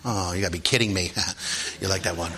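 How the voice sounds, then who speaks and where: A male pastor delivering a sermon, swinging between quiet low asides and high, shouted exclamations. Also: quick pace, noisy background. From Philadelphia area.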